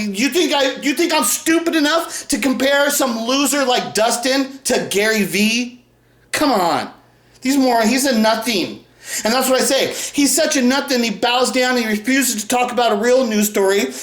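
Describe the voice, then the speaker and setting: A man with a high voice rants furiously and swears nonstop, now and then erupting into shouts. He sounds like he is in an echoey room. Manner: aggressive, profane, shouting bursts. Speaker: commentary video creator. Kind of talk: angry profane rant.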